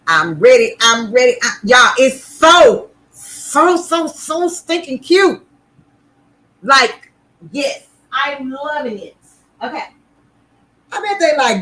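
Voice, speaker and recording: Woman, livestream sewing host, loud, extra, playful, unhurried, bright ringing voice. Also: fairly high pitch, animated, poor audio. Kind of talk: casual livestream chat.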